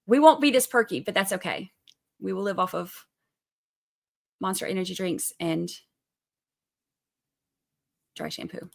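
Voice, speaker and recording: Southern woman from Georgia, livestream host; bright, forward tone, chatty, explains things plainly. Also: mid-range voice, measured pace, gravelly, pauses often. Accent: Southern American (Georgia). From Georgia, USA. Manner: chatty and upbeat, explains court steps plainly. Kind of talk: casual livestream commentary, reading viewer chat. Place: indoors, away at the beach this week.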